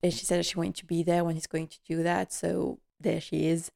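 A woman's voice: fairly low pitch, little pitch movement, a little fast, gravelly, a little mellow. Gushing woman recapping a TV episode. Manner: gushing, emotional, many fillers. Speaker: host.

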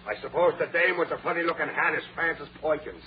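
An actor playing a dim, slangy crook posing as a bank president in a 1930s radio comedy, on a muffled old broadcast with hiss. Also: male voice, fairly high pitch, close to an everyday voice. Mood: sly. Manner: slangy gangster talk, slow and sly. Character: dim tough-guy burglar posing as bank boss.

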